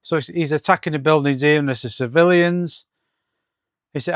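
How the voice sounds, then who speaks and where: A man's voice: a little high, normal speed, smooth, no room sound, clean studio sound. A man casually reviewing a comic, hesitating with lots of ums and restarts. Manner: hesitant, many fillers and restarts.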